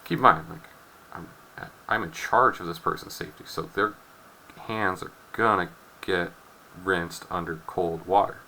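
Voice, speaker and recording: A deep-voiced young man teaches a chemistry lesson with a dry, joking storytelling streak. His tone is bright and forceful, with a faint hiss under the recording. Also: measured pace, poor audio. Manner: wry storytelling, acts out students' voices.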